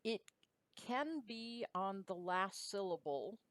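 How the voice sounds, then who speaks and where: A middle-aged woman teaching a lecture, explaining rules patiently in a relaxed way and checking in with her students. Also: medium pitch, takes it slowly, no room sound. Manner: explanatory, relaxed, uses fillers and checks in with the listener. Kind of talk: classroom lecture.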